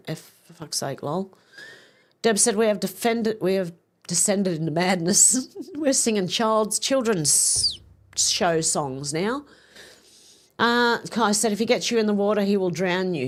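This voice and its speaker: A middle-aged woman hosting a livestream, chatting casually, giggling as she reads viewers' comments aloud. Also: medium pitch. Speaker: livestream host.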